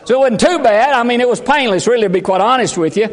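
A man's voice: very high-pitched, fast, few pauses. A man, preaching a fervent, folksy sermon as pastor. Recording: long hall reverb.

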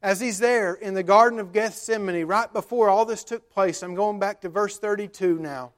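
A man's voice: high voice, moderate pace. A male pastor preaching a sermon, retelling scripture in plain everyday words with a conversational manner and frequent filler sounds.

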